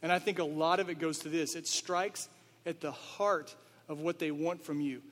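A man's voice: a little high, fairly even intonation, normal speed, fairly bright tone, in a large hall. A man, a pastor, preaching a sermon in a conversational way, asking his listeners rhetorical questions.

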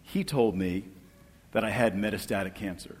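A middle-aged man giving an earnest church testimony, asking for amens and dropping soft and low at tender moments. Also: moderate pace, breathy edge. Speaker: guest speaker sharing testimony. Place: church hall. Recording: long reverb of a large hall.

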